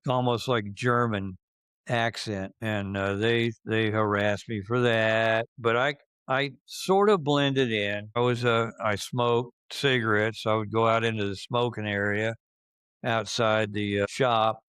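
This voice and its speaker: A man in his seventies, reminiscing in a casual interview and speaking slowly, with many fillers and restarts. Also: lowish voice, steady tone, a bit bright, clear, resonant tone, no echo. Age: 70s. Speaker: interviewee recalling his youth.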